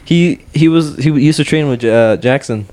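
A young adult man co-hosting a podcast, telling stories in casual chat with a halting, filler-heavy delivery. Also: mid-range voice, a little mellow. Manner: halting storyteller with many fillers and restarts. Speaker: podcast co-host.

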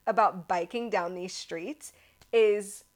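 An American woman with a voice of ordinary pitch hosts her own show and tells stories in a loose, chatty way. She is animated and pokes fun at herself. She keeps exaggerating for comic effect. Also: takes it slowly. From United States. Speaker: podcast host. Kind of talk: casual storytelling.

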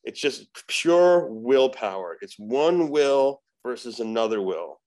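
A man's voice: mid-range voice, takes it slowly, poor audio. A man telling stories as a podcast guest in casual, rambling talk full of fillers and swearing. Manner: profane, animated storyteller acting out voices. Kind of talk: casual storytelling.

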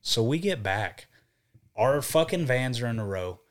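A young man spins a wild tour story in loose, casual podcast talk. He swears constantly and jumps into voices to act out what everyone said. His pitch sits in an ordinary middle range. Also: a little slow. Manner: profane, animated, acts out quotes. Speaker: podcast guest, band vocalist.

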